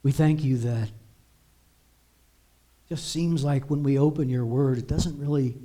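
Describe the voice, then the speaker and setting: A man's voice: mid-range voice, a little slow, dark tone. A man preaching as pastor in a church, building emphatic repeated declarations. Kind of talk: sermon. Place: church sanctuary.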